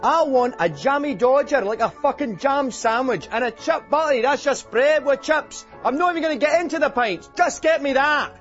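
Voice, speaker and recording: Guy doing a high raspy scottish dude swearing his head off, dull lo-fi clip. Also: lively intonation, normal speed, hardly any pauses, a bit bright, faint music behind. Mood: furious. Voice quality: gravelly, swearing. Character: foul-mouthed Scottish man losing patience.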